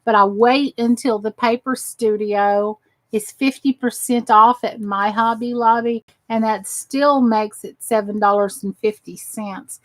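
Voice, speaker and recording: Tired, slow-talking woman crafter. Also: on the high side, steady tone, a bit bright, rough recording. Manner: rambling, talks to herself while working. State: exhausted. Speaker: craft channel host. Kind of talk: casual crafting chat.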